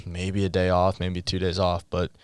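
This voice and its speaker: Smooth-voiced young man telling stories. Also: low-pitched, monotone, moderate pace, dry recording, studio quality. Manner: rambling, enthusiastic storyteller. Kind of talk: casual chat.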